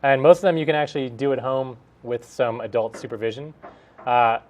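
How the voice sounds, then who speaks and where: A man's voice: medium pitch, steady tone, fairly quick, dull audio. A man who teaches math, co-hosting a live homework help show in an easygoing way.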